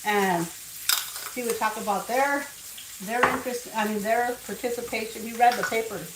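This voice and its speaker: With a fairly high voice at a normal speed, an older woman leads a relaxed home cooking demonstration, chatting away and slipping into family stories. The kitchen echoes, the mic is distant, and frying food sizzles throughout.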